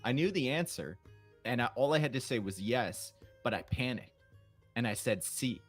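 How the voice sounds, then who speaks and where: Male co-caster, middling pitch, rambly and self-mocking, light music bed. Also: lively intonation, moderate pace. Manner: rambling, self-deprecating, restarts. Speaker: esports caster. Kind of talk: casual stream chat.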